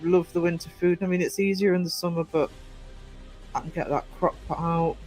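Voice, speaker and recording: Speaking a little fast in a steady tone, this high-pitched man has a darkish sound to his voice. He's an English livestream host with a Northeast accent, rambling through viewer comments, teasing the chat and leaning on frequent fillers. The audio is poor, with soft music in the background.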